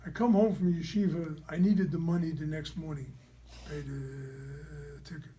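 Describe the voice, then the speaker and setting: A rabbi tells a personal story to his class, with a mellow, warm voice pitched slightly high for a man. He is animated and keeps checking in with his listeners. Faint noise sits under the recording. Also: fairly quick. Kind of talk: storytelling lecture.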